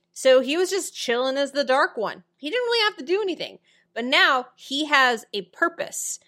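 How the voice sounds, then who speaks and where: A woman co-host talks through the plot in quick, eager bursts, now and then quoting a character. Her voice is somewhat high. The talk is relaxed and chatty. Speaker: podcast co-host. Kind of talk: casual recap chat about a TV show.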